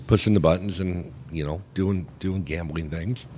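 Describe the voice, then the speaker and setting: A man's voice: low voice, normal speed, big-room sound, slight background noise. A man from Oregon, a podcast co-host, telling a rambling story in casual chat at a cigar lounge and acting out the voices of the people in it. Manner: rambling, animated, acts out quoted voices.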